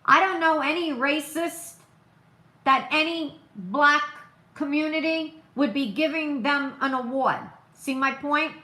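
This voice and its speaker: A woman's voice: sits high, measured pace, pushed and bright, echoey room. A woman with a noticeable accent, hosting an opinionated live stream, who repeats her points emphatically and asks rhetorical questions. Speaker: political livestream host.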